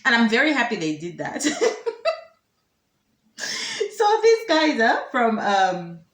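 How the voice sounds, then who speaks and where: A woman's voice: fairly high pitch, huge pitch swings, slow pace. A woman chatting in casual commentary, amused and laughing often. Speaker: vlogger. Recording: roomy echo.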